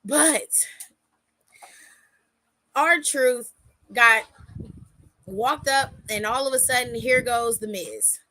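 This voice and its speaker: A woman hosting a casual podcast, chatting through a recap and acting out quotes with lots of energy. Her voice sits a little high and sounds bright and forceful. The sound is dry, with no room around it. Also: extremely slow, pauses often, dry recording. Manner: animated storytelling, acts out quotes, laughs often. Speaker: podcast host.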